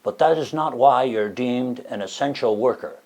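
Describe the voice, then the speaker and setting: A man's voice: medium pitch, moderate pace, a little mellow. A man hosting a spoof interview show, asking questions in a stiff, overly formal way. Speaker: talk show host.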